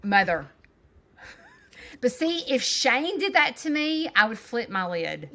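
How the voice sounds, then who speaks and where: A woman in her thirties co-hosting a casual podcast over a video call. Her voice is bright and forward, and she talks in animated, rambling bursts, laughing as she goes. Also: high-pitched, slow pace, a little hiss or hum. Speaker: podcast co-host. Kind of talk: casual chat.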